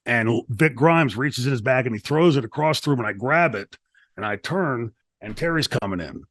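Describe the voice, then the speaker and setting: A middle-aged man recounting a wrestling story in a shoot interview, animated and profane, acting out the lines people said. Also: medium pitch, moderate pace, dry recording. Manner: animated, profane, acts out quotes in his story. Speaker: retired wrestler telling a story. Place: wrestling promotion studio. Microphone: studio mic.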